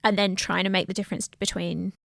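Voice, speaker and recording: A woman co-hosting a casual podcast chat, talking in an earnest, animated way. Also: mid-range voice, fast talker, vocal fry, no room sound, clean studio sound. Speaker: podcast co-host.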